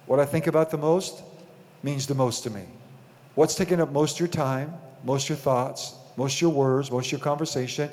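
A man's voice: a little high, steady tone, normal speed, a little mellow. Man preaching in an echoing church. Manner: preaching with rising emphasis and call-and-response questions. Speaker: pastor. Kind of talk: sermon. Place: church sanctuary. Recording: long hall reverb.

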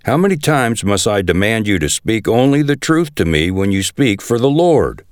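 A man reading scripture aloud, voicing a resentful, commanding ancient king with a sharp manner. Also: fairly low pitch, sing-song, moderate pace, no echo, studio quality, pitched above the performer's own voice. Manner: sharp, demanding.

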